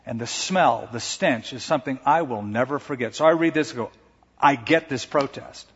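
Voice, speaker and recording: A man preaching a sermon as pastor, animated, shouting out quoted lines. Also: medium pitch, normal speed, breathy edge. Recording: dull recording in a reverberant hall.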